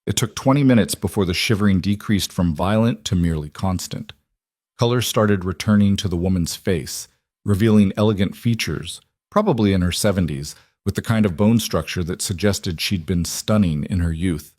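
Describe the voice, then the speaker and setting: Low, dry male storyteller. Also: moderate pace, a little mellow, no room sound. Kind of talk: scripted story narration.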